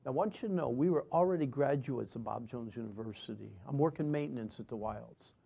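A man preaching a sermon and telling his own story earnestly, moving between loud emphasis and hushed lines. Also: medium pitch, a little fast, gravelly, breathy edge. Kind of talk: sermon with personal testimony.

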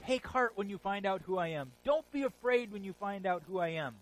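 A man voicing Jesus as a calm teacher, speaking low and intimately. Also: fairly quick, dry recording. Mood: urgent.

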